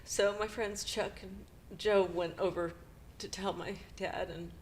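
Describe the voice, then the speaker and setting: Middle-aged woman, podcast co-host, halting emotional storytelling, medium pitch, faint background hum. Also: fairly even intonation. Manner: halting, emotional retelling with nervous laughs. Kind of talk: personal storytelling.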